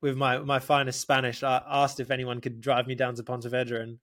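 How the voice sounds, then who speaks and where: A man's voice: medium pitch, monotone, fairly quick, fairly bright tone. A young man, a podcast guest, telling a story casually, laughing and swearing as he quotes people.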